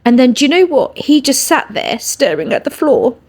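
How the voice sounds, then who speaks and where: A very animated English woman, her high voice a little mellow with a breathy edge, speaks at normal speed. Appearing as an interview guest on a podcast, she earnestly relates a personal story, regularly checking in with "yeah?"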